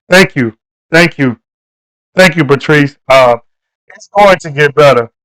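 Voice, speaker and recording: Animated man hosting a live stream. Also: fairly high pitch, slow pace, low-quality recording. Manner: loose, repetitive, preachy delivery addressing viewers. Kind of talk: casual live stream talk.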